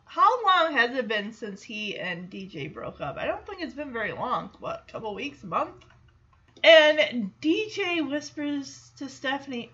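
A woman's voice: sits high, sing-song, unhurried, sharp tone, breathy edge, muffled recording. A woman hosting a podcast, recapping a sitcom episode in a chatty way, laughing often and acting out the characters' lines. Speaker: podcast host.

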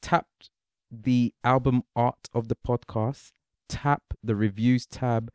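A man from the UK hosts a relaxed podcast conversation at an ordinary middle pitch. He keeps pressing his point with questions. The sound is dry and close, with no room around it. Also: takes it slowly, clear, resonant tone, dry recording. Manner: probing, asks rhetorical questions. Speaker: podcast host. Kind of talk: casual podcast chat.

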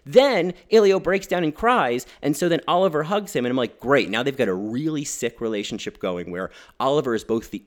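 A man giving heated, opinionated film commentary, often indignant and mocking, with a very lively, swinging delivery. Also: medium pitch. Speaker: film critic.

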